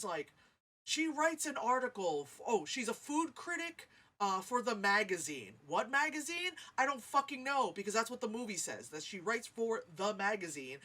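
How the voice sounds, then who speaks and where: A woman ranting about a movie in a casual review, sarcastic and animated, swearing often. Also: mid-range voice.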